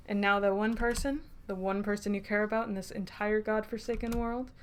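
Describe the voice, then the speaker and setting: A woman's voice: mid-range voice, level tone, fairly quick, natural voice. A woman reading a cruel hissing inner voice. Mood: accusing. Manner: hissing, accusing. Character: cruel taunting inner voice, male.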